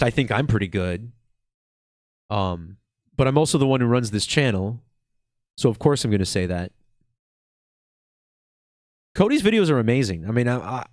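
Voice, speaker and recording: A congested man hosts his own channel in a relaxed, slow chat, full of ums and restarts. His voice sits at an ordinary middle pitch. The sound is dry and close, with no room around it. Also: no echo. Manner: relaxed, slow and chill, with many fillers. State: congested from a cold. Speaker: channel host. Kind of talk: casual video commentary.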